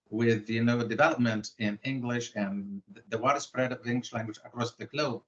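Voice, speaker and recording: A man, an English language expert, talking in a measured, lecturing way in an online discussion. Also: mid-range voice, a bit bright, dull audio.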